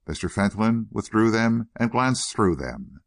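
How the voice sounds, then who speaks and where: A male narrator with a low-set voice, reading a period novel as an audiobook. His delivery is measured yet lively, moving widely in pitch to shape each sentence. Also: dry recording, clean studio sound.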